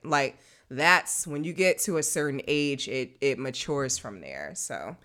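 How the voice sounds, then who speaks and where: A woman's voice: a bass voice, lively intonation, a little slow, a bit bright. A woman in her thirties co-hosting a casual chat, talking bluntly and profanely with lots of animation. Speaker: podcast co-host.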